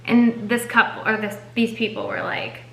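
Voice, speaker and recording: Bright-voiced young woman, echoey room. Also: on the high side, flat delivery, moderate pace, gravelly. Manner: chatty, fond asides. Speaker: co-host of a family channel. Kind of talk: casual chat.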